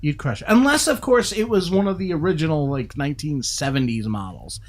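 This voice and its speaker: A New York man co-hosts a crafting livestream, joking around and reading viewer comments in casual chat while often bursting into laughter. His voice is fairly high and a little fast, and it jumps up when he gets excited.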